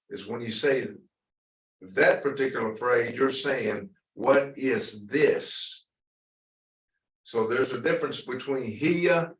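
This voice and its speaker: A man's voice: medium pitch, a bit bright. Man, language teacher, patient, repeats words for students, echoey room, far from the mic. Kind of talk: online language class instruction. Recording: echoey, distant mic with noise.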